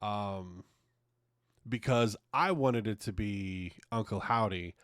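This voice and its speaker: A man's voice: fairly low pitch, slow pace, a bit bright, dry recording, studio quality. A man hosting his own podcast, ranting casually and swearing often in an exasperated way. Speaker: podcast host. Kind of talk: casual opinion monologue.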